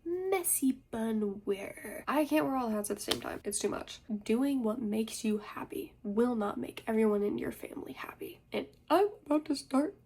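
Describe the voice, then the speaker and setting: A woman of twenty-one with a congested, nasal voice, giving casual advice to camera and often dropping into soft whispers. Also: fairly high pitch, normal speed, few pauses, a little hiss or hum. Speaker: vlogger.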